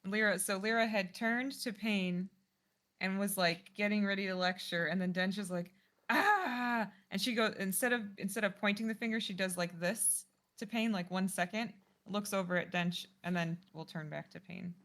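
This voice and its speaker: A woman playing a tabletop game, describing her character's actions in an animated way. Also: mid-range voice, normal speed. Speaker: player. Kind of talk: casual tabletop play narration.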